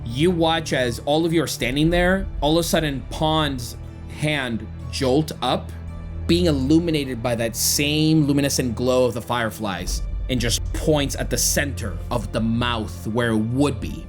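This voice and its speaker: A man's voice: medium pitch, normal speed, faint music behind. A man narrating a tabletop game as game master, describing the scene dramatically.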